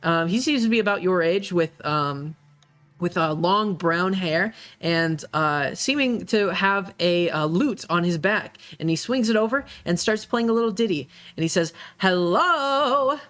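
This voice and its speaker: A man's voice: sits high, normal speed, a bit bright, soft background music. A man narrating a tabletop game as game master, rambling with many fillers.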